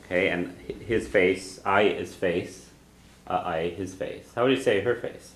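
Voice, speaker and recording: A man's voice: sits low, measured pace. A man teaching a classroom language lesson, patiently repeating phrases and quizzing his students. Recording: echoey room, faint background noise.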